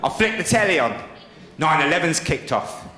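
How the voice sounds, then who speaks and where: A man's voice: a little high, normal speed. A man with a Cockney accent doing a stand-up comedy set, telling a story and acting out voices, with an audience laughing behind him. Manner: animated storytelling, acts out voices. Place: comedy stage. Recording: roomy live venue with loud crowd laughter.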